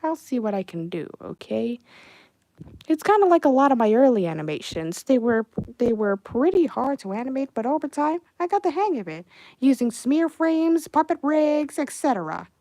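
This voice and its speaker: A young woman chatting casually on a livestream while she animates, reading chat messages aloud and breaking into excited outbursts. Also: high-pitched, moderate pace, no room sound.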